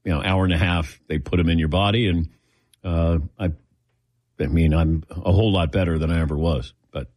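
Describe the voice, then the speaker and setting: A middle-aged man with a fairly low voice tells a relaxed personal story as the host. He slips into little impressions of the people he quotes. The sound is dry and close. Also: brisk, no echo. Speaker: host taking audience questions. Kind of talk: casual storytelling.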